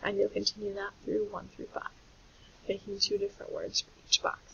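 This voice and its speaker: A woman teaching a recorded phonics lesson to young children, explaining patiently and clearly. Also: medium pitch, monotone, fairly quick. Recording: dull lo-fi audio with faint hiss.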